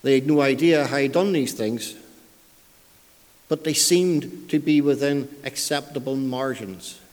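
A man delivers a sermon in a plain, mid-pitched voice. His delivery is conversational and full of restarts. A long hall reverb trails each phrase. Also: a little slow, darkish tone. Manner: conversational, repeats words, dialect grammar. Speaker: preacher. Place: church.

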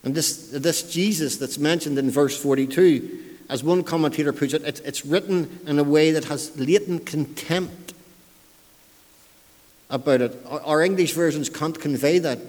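A man's voice: a little high, normal speed, darkish tone, big-room sound. A man preaching a sermon in a church, speaking conversationally and often repeating himself. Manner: conversational, repeats words, dialect grammar.

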